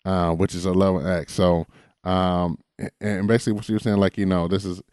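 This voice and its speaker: A man's voice: sits low, little pitch movement, a little fast, darkish tone, clear, resonant tone, no echo, studio quality. A man co-hosting a podcast in casual chat, laid-back and blunt. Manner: laid-back, blunt, calls people baby. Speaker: podcast co-host.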